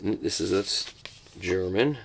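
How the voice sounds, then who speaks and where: Older guy unboxing records, gravelly low voice, keeps cracking bad jokes. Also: unhurried, a little hiss or hum. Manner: joking, self-mocking asides. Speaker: host reviewing a record box set. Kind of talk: casual unboxing talk.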